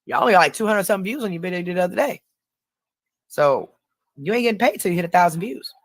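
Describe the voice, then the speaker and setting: A woman's voice: fairly low pitch, lively intonation, rapid-fire, no echo. A woman hosting a casual livestream, talking loosely in slang and rambling through her points. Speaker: livestream host.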